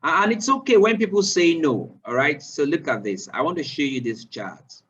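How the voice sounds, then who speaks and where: A man leading a live online sales training, quizzing his listeners with repeated questions and rising with excitement. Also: normal speed, recorded from a distance, dull audio, a little hiss or hum. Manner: animated, rising pitch when excited.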